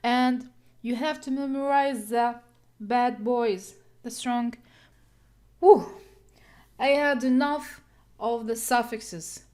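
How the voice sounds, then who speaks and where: A woman teaching English word stress, talking slowly and deliberately, counting out syllables and thinking aloud. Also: on the high side, darkish tone. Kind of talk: slow classroom-style lesson, counting syllables.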